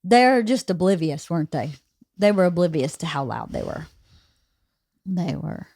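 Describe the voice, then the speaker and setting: A woman's voice: fairly low pitch, lively intonation, moderate pace, creaky, dark tone, dry recording. A woman in her forties hosting a podcast, chatting casually and teasingly with her teenage daughter, sounding tired and yawning. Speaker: podcast host.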